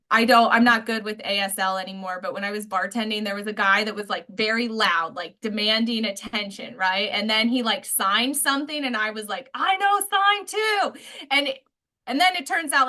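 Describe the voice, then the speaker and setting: A woman's voice: fairly high pitch, bright, forceful tone. A woman from the United States hosting a podcast interview, chatty and conversational, often tossing in "like" and "right?". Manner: chatty, frequent "like" and "right?" asides. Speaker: podcast host. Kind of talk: casual interview chat.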